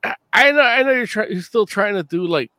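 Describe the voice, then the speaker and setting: Man, fairly high, very lively pitch, dry sound, profane, jokey, laughs a lot, casual co-host chat. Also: brisk, no room sound. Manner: profane, joking, laughs often. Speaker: co-host of a call-in fan show.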